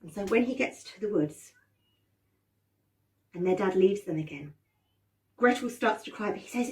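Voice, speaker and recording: A woman drama teacher telling a children's story with animated expression and dramatic gasps, prompting her class to join in. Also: medium pitch, moderate pace, pauses often, recorded from a distance.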